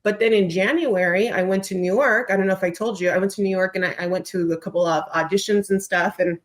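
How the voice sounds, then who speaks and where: A podcast guest, a woman with a mid-range voice, tells her story in a lively, expressive way. She is a trained actor, and she lets a curse word slip now and then in casual conversation. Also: mid-range voice, quick pace. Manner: animated, expressive storytelling with occasional swearing. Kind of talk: casual chat.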